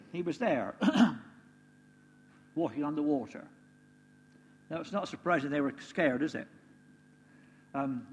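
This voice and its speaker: A man's voice: a little high, breathy edge. A man giving a conversational sermon to a congregation, often turning to them with questions like "didn't they?". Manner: conversational, asks the listeners tag questions. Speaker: preacher. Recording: reverberant hall, faint hum.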